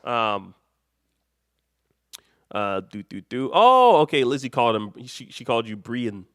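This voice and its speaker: A man's voice: medium pitch, sing-song, measured pace, pauses often, smooth, dry recording, clean studio sound. A man from Chicago hosting a late-night live stream, rambling and joking with the chat and laughing often. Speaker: live show host.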